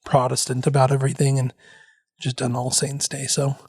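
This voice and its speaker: Man, podcast co-host; mid-pitched, chatty, joking, dry close sound. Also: completely flat delivery, normal speed, vocal fry, a little mellow, husky, no echo. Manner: chatty, joking, laughs often. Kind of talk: casual chat.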